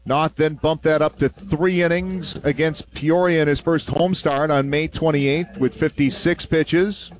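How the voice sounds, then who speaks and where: A man calling a baseball game on the radio, mixing play-by-play with relaxed, chatty asides between pitches. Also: a little slow, hardly any pauses. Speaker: play-by-play announcer.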